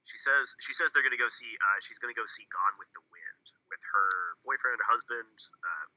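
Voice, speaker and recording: A man's voice: medium pitch, moderate pace, bright, forceful tone, no echo, poor audio. A man co-hosting a movie podcast, recapping a film plot in a rambling way with many fillers. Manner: rambling, many ums and uhs, acts out quotes. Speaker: podcast co-host.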